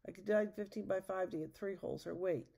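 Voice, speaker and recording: A woman's voice: mid-range voice, fast talker, vocal fry, warm tone. A woman voicing an earnest young prince in a storybook read-aloud.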